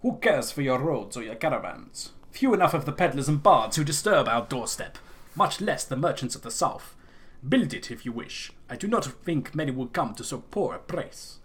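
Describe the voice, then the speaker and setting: A man voicing a proud, wary tribal chieftain, reading game dialogue in a gruff, skeptical, weighty way. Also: mid-range voice, sing-song, normal speed, fairly bright tone.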